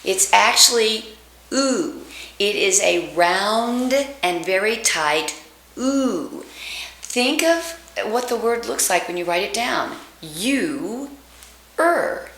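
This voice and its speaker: A woman, an acting coach giving a lesson and slowly sounding out vowels to demonstrate them. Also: medium pitch, animated, gravelly, a bit bright. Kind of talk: accent reduction lesson. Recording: echoey room.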